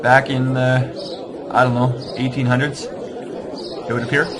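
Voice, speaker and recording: Amid background noise and a crowd, a gaming tutorial host leads a laid-back strategy game walkthrough. His mid-range voice moves little in pitch and runs a little slow as he rambles, questions his own moves, and jokes at his own expense.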